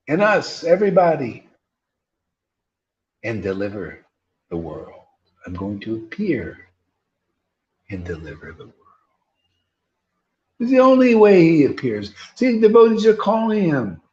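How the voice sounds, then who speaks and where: A man giving an informal devotional sermon as a spiritual teacher, animated and joking in a preacherly way. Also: a little high, muffled recording.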